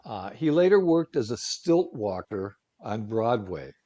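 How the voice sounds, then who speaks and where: A man's voice: lowish voice, very animated, measured pace, mellow, highs cut off. A man co-hosting a talk show who tells stories casually, with jokey asides and lots of fillers. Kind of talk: casual storytelling segment.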